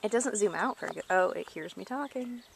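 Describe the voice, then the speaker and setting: A woman's voice: mid-range voice, lively intonation, brisk, gravelly, slight background noise. A woman casually rambling while filming wildlife, chatting on the phone at the same time, recorded on a handheld camcorder's built-in mic.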